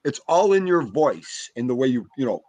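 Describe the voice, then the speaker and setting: A man's voice: mid-range voice, normal speed, dry recording. Guy hosting a chat, voice jumps all over, super dry close sound, slangy and emphatic. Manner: animated, emphatic storytelling with street slang. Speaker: host. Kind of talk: casual chat.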